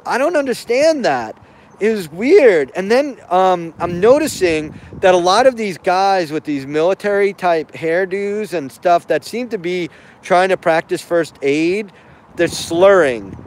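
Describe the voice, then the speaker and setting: A man with a high voice gives casual spoken commentary on video footage, sounding hesitant and puzzled and often repeating himself. There is slight background noise.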